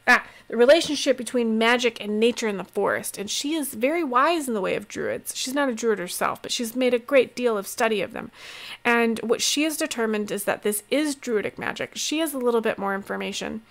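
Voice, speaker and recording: A woman's voice: on the high side, a little fast. A woman running a tabletop game as game master, narrating in a rambling way with many fillers.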